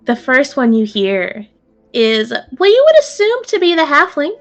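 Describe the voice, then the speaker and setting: A woman serving as game master, narrating a tabletop game in a lively, casual way with fillers. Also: high-pitched, measured pace, soft background music.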